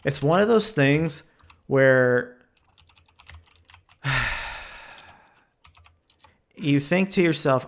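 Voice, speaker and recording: A man in a relaxed movie review chat, poking fun at plot holes with sarcasm. He piles up rhetorical questions and mock quotes of his own thoughts. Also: on the high side, drawn-out words, long pauses. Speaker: podcast co-host.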